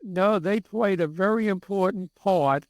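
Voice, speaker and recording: A man's voice: high-pitched, measured pace, no echo, rough recording. A man in his eighties, a guest telling stories in an interview and acting out the dialogue in them. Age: 80s. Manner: animated storyteller who acts out dialogue. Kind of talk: storytelling interview.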